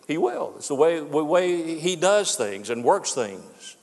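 A man's voice: a little high, very animated, measured pace, vocal fry, darkish tone. An older man preaching his farewell sermon as pastor, earnest and emphatic, repeating words for weight. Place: church sanctuary. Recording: long hall reverb.

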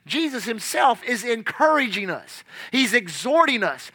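A man's voice: very high voice, sing-song, normal speed, hardly any pauses, pushed and bright. A man preaching a sermon, emphatic and storytelling, repeating his key lines.

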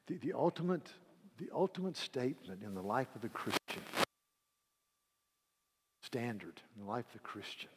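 A man preaching a sermon with passion, swinging from hushed to loud and repeating words as he builds emphasis. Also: medium pitch, sing-song, moderate pace, pauses often, husky. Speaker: pastor. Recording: reverberant hall.

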